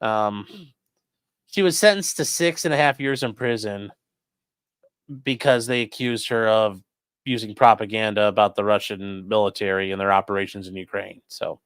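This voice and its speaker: With a smooth mid-range voice and no room sound, this livestream host reads chat and offers casual commentary. He's blunt and profane, and he rambles with lots of fillers.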